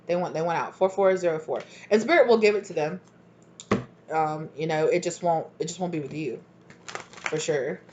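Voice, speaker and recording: A woman in a casual spoken tarot reading, with a fairly low voice that leaps up when she acts out other people's lines. She's blunt, swears without a second thought and keeps the talk animated. The recording is dull and lo-fi. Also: moderate pace, background noise. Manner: animated, acts out both sides of arguments in sudden high voices. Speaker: tarot reader.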